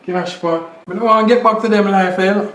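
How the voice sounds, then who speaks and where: A man's voice: high voice, fairly even intonation, normal speed, a bit bright, a little hiss or hum. A man playing a defensive broke Jamaican father. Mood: weary. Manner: defensive, shrugging off blame. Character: broke older father who lost his rent money. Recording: roomy, distant camera mic.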